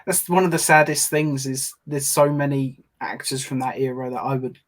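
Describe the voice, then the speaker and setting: Podcast host dude, chill friendly chat, normal pitch. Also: male voice, level tone, moderate pace.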